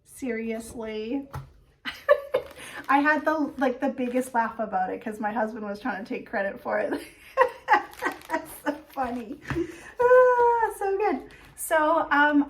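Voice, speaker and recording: A woman in her thirties hosting a stitching vlog, telling a story in a chatty way with many fillers and acted-out quotes. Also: fairly high pitch. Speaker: flosstube host. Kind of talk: casual chat.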